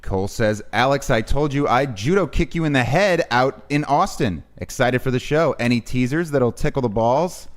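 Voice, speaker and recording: A man's voice: mid-range voice, lively intonation, moderate pace, few pauses. Podcast guy reading out chat msgs, voice jumps around a lot, dry. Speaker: podcast co-host reading listener messages.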